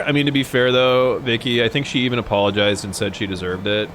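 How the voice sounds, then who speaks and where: A man's voice: medium pitch, steady tone, quick pace, fairly bright tone, a little hiss or hum. A young man streaming a game, rambling and joking with frequent swearing as he plays. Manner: rambling, jokey and profane. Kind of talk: casual gameplay commentary.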